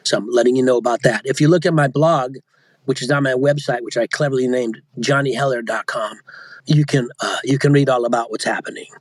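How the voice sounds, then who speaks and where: A man's voice: mid-range voice, steady tone, fairly quick, dry recording. A man, an audiobook narrator and coach, talking casually in an interview, rambling and often restarting his sentences. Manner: rambling, self-interrupting, chatty.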